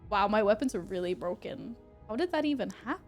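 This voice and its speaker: Over faint music, a Swedish-raised woman talks fast and animatedly to her chat while gaming, humming between comments. Her pitch sits in the middle range.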